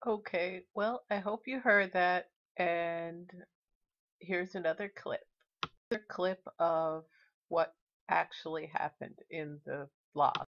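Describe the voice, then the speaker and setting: A woman's voice: fairly low pitch, takes it slowly, highs cut off, a little hiss or hum. A woman vlogger narrating casually, chatty and explaining each step. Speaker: paranormal vlogger.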